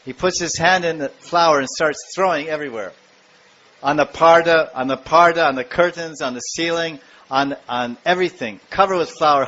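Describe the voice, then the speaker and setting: A man giving a devotional lecture, telling stories in an animated way and acting out the scenes. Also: on the high side, moderate pace. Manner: animated storytelling, acts out scenes. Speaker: spiritual lecturer. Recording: dull lo-fi lecture recording.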